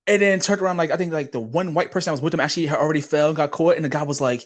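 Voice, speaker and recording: A podcast co-host with a slightly high voice talks at rapid-fire speed in casual chat. He tells long, rambling, animated stories and laughs along the way.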